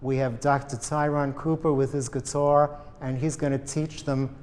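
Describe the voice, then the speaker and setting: A man presenting and narrating a music history program, explaining and quoting song lyrics in a measured way. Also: mid-range voice, level tone, a little mellow, in a large hall. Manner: measured, explanatory, quotes lyrics while analyzing. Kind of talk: scripted narration mixed with live event commentary.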